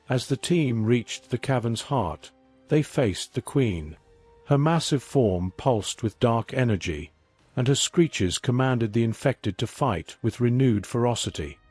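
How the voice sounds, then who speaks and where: A man giving a scripted story narration in a measured, even reading. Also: mid-range voice, slightly rough.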